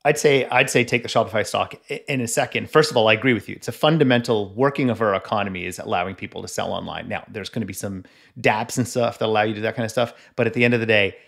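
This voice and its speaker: A man's voice: lowish voice, quick pace, vocal fry, fairly bright tone. A man from Canada co-hosting a tech podcast, wry and joking, often hedging his views. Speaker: podcast co-host. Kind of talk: casual podcast chat.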